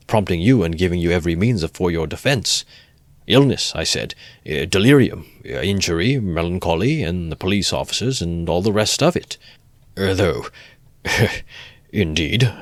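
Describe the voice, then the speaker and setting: Brief: man reading as a needling investigator, deep voice, dry close sound, teasing and ironical. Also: no room sound, close to an everyday voice. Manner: teasing, good-humoured, needling questions. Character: sly, ironical middle-aged male investigator.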